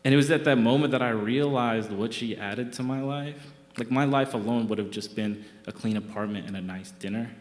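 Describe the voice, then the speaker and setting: Brisk and mid-range, a young man's voice carries a self-mocking comic tale drawn from his real life. It's live storytelling from a theatre stage, conversational and wry, recorded with roomy theatre reverb.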